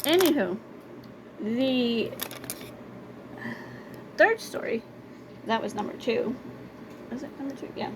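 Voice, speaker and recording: A woman's voice: fairly high pitch, takes it slowly, long pauses, noisy background. A young woman telling personal stories in a casual vlog, blunt and conversational, repeating words for emphasis. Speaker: storytime vlogger. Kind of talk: casual storytelling.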